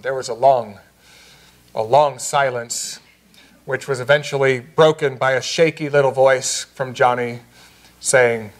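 A man preaching as pastor in a church, earnest and measured, slowing down on key phrases. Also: medium pitch, fairly even intonation. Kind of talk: sermon. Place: church sanctuary.

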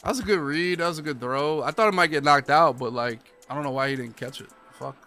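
A man's voice: fairly high pitch, fast talker, pushed and bright, soft background music. A young man streaming a football video game, swearing and venting his frustration at the game as he plays. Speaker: gaming streamer. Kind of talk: live gameplay commentary.

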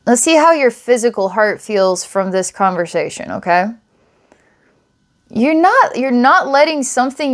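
Earnest, rambling woman psychic reader. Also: a little high. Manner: rambling, earnest, frequent restarts and laughter. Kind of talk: recorded psychic reading for a client.

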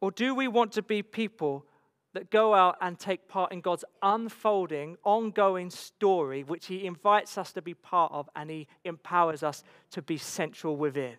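A man's voice: high voice, moderate pace, a bit bright, smooth. A man preaching a sermon as pastor, emphatic and repetitive, full of rhetorical questions. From England. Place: church hall. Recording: long hall reverb.

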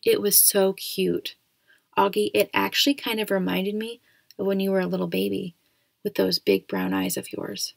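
A woman reading aloud, voicing a gentle mother coaxing her son. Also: medium pitch, lively intonation, moderate pace, gravelly, no echo.

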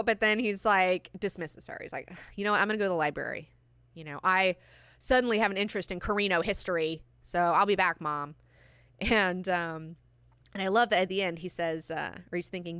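A young woman hosting a book club, retelling the chapter in casual, profane, excited chat and putting on quick mock voices for the characters. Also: lowish voice, clean tone, no room sound, clean studio sound.

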